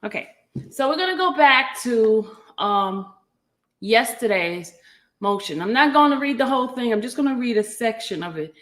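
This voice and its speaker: Hosting a casual livestream, a woman with a fairly high, expressive, slightly bright voice chats with viewers by name at a moderate pace and reads documents aloud. Now and then she breaks off to cough, catching her breath and tossing in apologetic asides.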